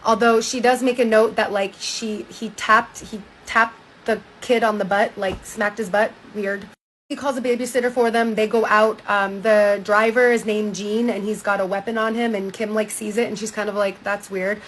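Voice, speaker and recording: A woman's voice: medium pitch, steady tone, moderate pace, fairly bright tone, slight background noise, low-quality recording. A woman giving a breezy, gossipy, casual recap of a book, now and then acting out quotes.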